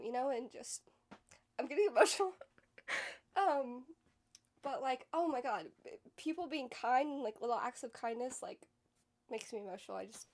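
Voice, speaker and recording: A young woman hosting a podcast, telling a candid personal story in a rambling, emotional way with lots of "like". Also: on the high side. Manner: rambling, emotional, heavy use of "like". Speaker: podcast host.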